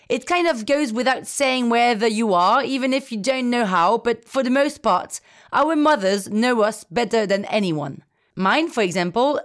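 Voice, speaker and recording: A woman, telling wry, self-mocking comic stories as a podcast host. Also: fairly high pitch. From France. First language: French. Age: 30s. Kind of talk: comic storytelling.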